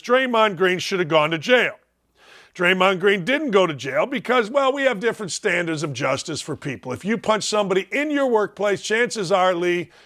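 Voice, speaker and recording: An older man hosting a sports talk show, delivering a blunt, mocking rant that swings between loud jabs and low mutters.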